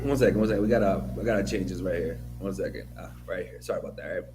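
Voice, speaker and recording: A man's voice: sits low, rapid-fire, hardly any pauses, a little hiss or hum. Male commentator from the Dominican Republic, blunt and profane, on a roomy, echoey recording. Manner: blunt, profane, animated storytelling. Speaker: video commentator. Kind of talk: opinion commentary monologue.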